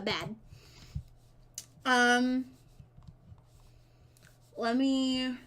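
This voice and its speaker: A young woman live-streaming a game, chatting casually with lots of swearing and loud bursts of laughter. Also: sits high. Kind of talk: casual live-stream chat while gaming.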